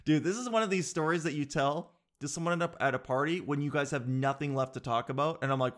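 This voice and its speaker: A man's voice: on the high side, fast talker, few pauses. A young man telling a comedic story in a rambling, sarcastic way, laughing at his own jokes and saying "dude" a lot.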